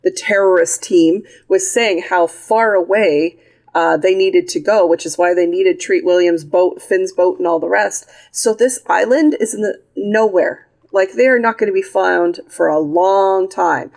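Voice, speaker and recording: A woman's voice: on the low side, unhurried, creaky, darkish tone. A woman co-hosting a podcast, chatting casually about a film in a blunt, sarcastic way and swearing freely. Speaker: podcast co-host. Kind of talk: casual film review chat.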